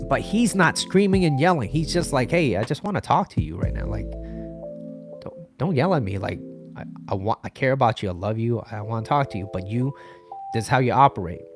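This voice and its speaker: A man talking casually as a dating advice host, rambling and often checking in with his listeners. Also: mid-range voice. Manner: rambling, repeats himself, checks in with "okay?".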